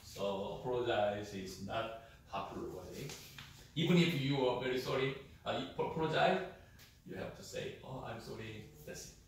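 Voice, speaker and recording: Halting lecturer in an echoey room. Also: male voice, medium pitch, fairly even intonation. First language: Korean. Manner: halting, repeats words, often checks with "okay?". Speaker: university lecturer. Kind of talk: classroom lecture on English usage. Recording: echoey room, mic far off, faint noise.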